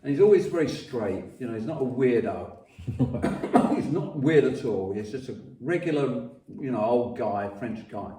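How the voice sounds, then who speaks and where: Guest, 60s, mellow voice, rambling and profane, echoey room, far mic. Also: male voice, medium pitch, lively intonation, moderate pace. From London. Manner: profane, repetitive, many restarts and coughs. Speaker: podcast guest. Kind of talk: rambling casual storytelling. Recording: roomy, distant mic.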